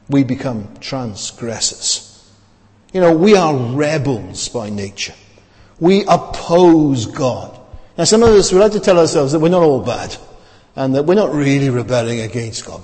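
A man's voice: mid-range voice, a little mellow, in a large hall. A man preaching a sermon with emphasis, often repeating his phrases and putting questions to his listeners.

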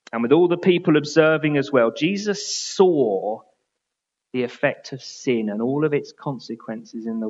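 Earnest male preacher, lo-fi recording. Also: on the high side. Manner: earnest, softening to a hush on key words. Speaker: pastor. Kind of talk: sermon.

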